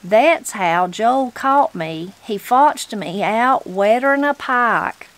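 A woman's voice: on the high side, lively intonation, slow pace. Woman reading as a homespun granny. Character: spry old mountain granny, hospitable.

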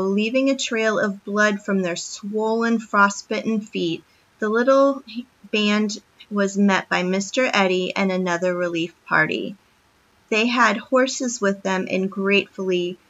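Woman reader, bright and clear, expressive storytelling; lo-fi sound. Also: medium pitch. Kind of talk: reading a children's book aloud. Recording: dull lo-fi recording.

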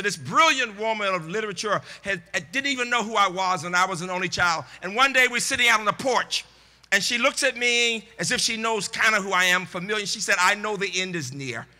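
Under a large tent at an outdoor ceremony, an older man gives a commencement address, emphatic and preacher-like, repeating lines for the crowd. His high, bright voice is forceful and carries a big-room sound.

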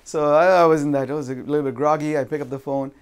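A man's voice: on the high side, steady tone, smooth. A man giving a seminar talk, telling a personal story conversationally and often ending sentences with "right?". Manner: pauses and restarts with fillers. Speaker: seminar speaker on insurance and real estate. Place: lives in Vancouver.

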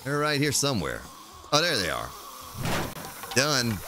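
A man's voice: medium pitch, wildly swooping pitch, measured pace, background noise. A man streaming a game, chatting casually and thinking aloud as he plays. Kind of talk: casual gameplay commentary.

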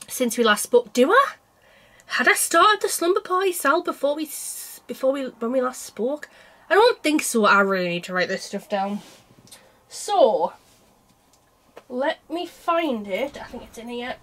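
A woman with a bright, high speaking voice chats to camera about her cross-stitch work. She teases herself and laughs often, and she is getting over a cold. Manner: chatty and self-mocking, laughs often. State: unwell with a cold. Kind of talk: casual chat to camera.

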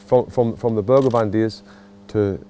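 A mellow, lowish male voice holds a steady tone at a normal pace, with a little hiss or hum on the recording. The speaker, a Sunderland-born boxing coach in his thirties who vlogs, chats emotionally from a football stadium in his Mackem accent and jokes at his own expense.

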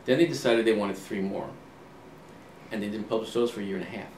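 This sixty-something author, interviewed in a roomy setting with a distant mic and faint hum, has a lowish voice and talks a little fast. He tells laid-back anecdotes, voices old conversations, and frequently says um or starts over.

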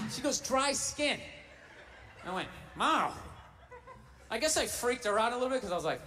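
A man doing a stand-up comedy routine, ranting loudly and shouting his punchlines. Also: very high voice, very animated, normal speed, long pauses, far from the mic.

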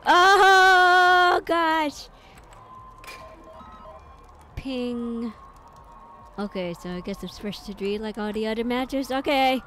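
A woman streaming a game live, excitable and giggly, thinking out loud as she plays. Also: fairly high pitch, measured pace, soft background music. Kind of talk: live gameplay commentary.

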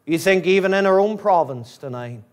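A Northern Irish man preaching with a high, ringing voice. He pleads through repeated questions, climbing to urgent peaks before sinking low and quiet. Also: lively intonation, normal speed. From Northern Ireland. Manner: rising to urgent high-pitched emphasis, then dropping low; repetitive, pleading rhetorical questions. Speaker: pastor. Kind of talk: fiery evangelistic sermon.

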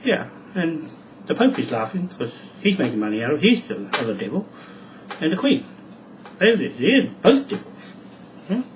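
A man's voice: fairly high pitch, huge pitch swings, moderate pace, long pauses. A man from New Zealand rambling in a home video, repeating emphatic warnings. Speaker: video blogger. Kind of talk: rambling address to camera. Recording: distant, dull lo-fi sound with faint background noise.

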